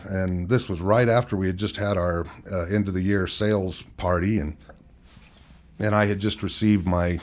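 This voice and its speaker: Guest in his fifties, very low voice, candid and rambling, chuckles through hard memories. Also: darkish tone. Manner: candid, rambling, laughs at his own story. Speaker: podcast guest. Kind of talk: personal storytelling interview.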